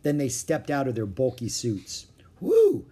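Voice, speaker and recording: A man reading a children's chapter book aloud, with expressive narration. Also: medium pitch, normal speed, breathy edge. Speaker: storyteller.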